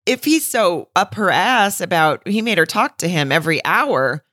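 A woman's voice: lowish voice, sing-song, normal speed, fairly bright tone, dry recording, clean studio sound. A woman co-hosting a podcast, candidly chatting about a reality show, swearing and laughing often. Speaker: podcast co-host. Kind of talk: casual chat recapping a reality show.

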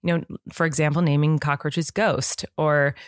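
A woman in her thirties chatting casually as a podcast co-host, telling stories about her toddler with lots of fillers, acting out quotes in a much higher voice. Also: normal speed, no room sound, studio quality. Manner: animated storyteller, acts out quotes in a high voice, laughs. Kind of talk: casual chat.

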